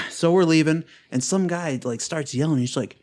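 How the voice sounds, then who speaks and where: A young man and podcast co-host telling a party story in casual chat, acting out quotes and swearing a lot. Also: a little slow. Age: young adult. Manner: animated storyteller, acts out quotes with big pitch jumps, swears a lot.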